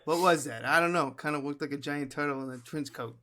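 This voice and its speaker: A man's voice: on the high side, fairly quick, bright, forceful tone. A man co-hosting a casual movie review podcast, loose and profane, often rambling. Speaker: podcast co-host.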